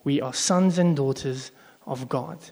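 A man's voice: medium pitch, measured pace, dark tone. A male pastor preaching a sermon to a congregation in a conversational way, often asking them questions. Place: church service before a congregation. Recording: long echo of a large hall.

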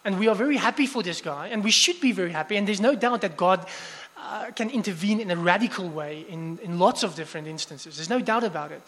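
A man preaching a sermon in a church hall, casual and conversational, often restarting his phrases. His voice sits high for a man, and the hall lends it a long, lingering reverb. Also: fast talker, few pauses. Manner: conversational, many restarts, animated asides.

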